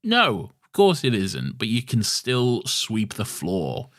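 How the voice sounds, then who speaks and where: A man's voice: fairly low pitch, wildly swooping pitch, takes it slowly, fairly bright tone. A man co-hosting a podcast in casual chat, laughing often and swearing freely. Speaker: podcast co-host.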